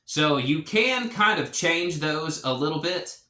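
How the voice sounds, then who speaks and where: Guy teaching a lesson slow and easygoing, lots of ums, bright voice, echoey room. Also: a little high. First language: English. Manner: relaxed, rambling, many fillers and restarts. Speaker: language teacher. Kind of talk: casual explanatory lesson.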